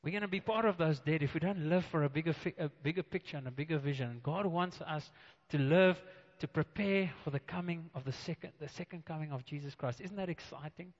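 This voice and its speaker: A man preaching a sermon, telling a story with animated delivery, acting out the quoted voices and often restarting his words. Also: fairly high pitch, a little fast. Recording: muffled, with long reverb in a hall.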